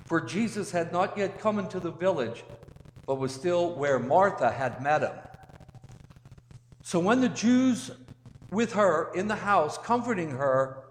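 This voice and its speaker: A man preaching as a priest, reading the gospel and giving a sermon slowly and deliberately, with emphatic rises. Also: sits high. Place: church. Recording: echoey church hall, long reverb.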